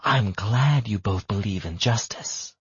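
Male narrator doing a creepy, raspy woman clerk, low and gruff, menacing lectures, dry dull audiobook sound. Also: unhurried, no room sound, exaggerated voice. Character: eerie red-haired woman receptionist, unhinged, preachy.

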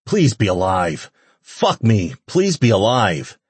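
A man voicing a desperate young soldier, pleading and shouting, in an audiobook. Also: lowish voice, huge pitch swings, slow pace, slightly rough, no echo, voice pushed up, full character voice.

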